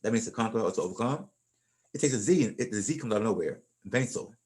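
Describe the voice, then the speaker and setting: A man teaching a Spanish class in a relaxed, casual way, often repeating and restarting words as he explains. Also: fairly low pitch, fast.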